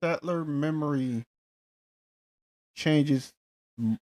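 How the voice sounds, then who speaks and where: A man's voice: fairly high pitch, very slow, darkish tone. A man co-hosting a podcast, recapping reality TV in a laid-back, wry way. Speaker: podcast co-host. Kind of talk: casual chat recapping reality TV.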